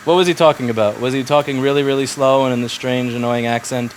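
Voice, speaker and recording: A man's voice: medium pitch, fairly even intonation, quick pace, a little hiss or hum. A man running a repair shop, giving blunt, profane instructions to his staff in casual workplace talk.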